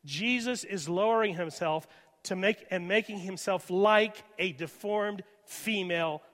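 Guy preaching a sermon, goes loud then hushed, fairly high voice, long echo in a big hall. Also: unhurried. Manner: dynamic preaching, swinging from loud emphasis to hushed near-whispers. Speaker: pastor. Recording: reverberant hall.

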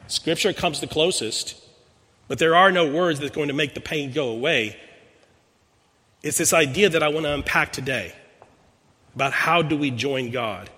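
A man in his sixties, a pastor, speaks in a slightly high, fairly bright, somewhat rough voice. During his sermon he recounts a personal story conversationally, repeatedly restarting his words, while a large hall adds long reverb.

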